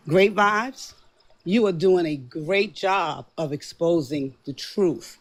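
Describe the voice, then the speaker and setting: A woman in her fifties calling into a livestream, speaking in a slow, emphatic, lecturing way. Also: lowish voice. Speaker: caller. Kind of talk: earnest livestream commentary.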